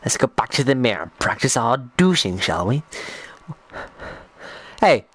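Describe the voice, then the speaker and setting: A man's voice: mid-range voice, big pitch swings, a bit bright, dry recording. A young Irish man with an Irish accent, chatting casually and self-mockingly on a live stream. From Ireland. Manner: jokey, self-mocking, quick to laugh.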